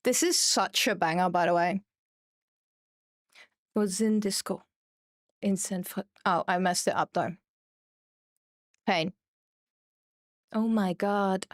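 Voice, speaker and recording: Reading her chat aloud while gaming, a young German woman chats casually and jokes at her own expense. She speaks at medium pitch and a moderate pace, pausing often. The recording is studio quality with no echo.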